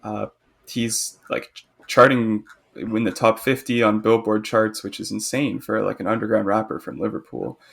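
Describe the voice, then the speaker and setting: A man's voice: on the low side, little pitch movement, normal speed, vocal fry. A man co-hosting a podcast in casual chat, talkative and opinionated, with a teasing edge toward his co-host.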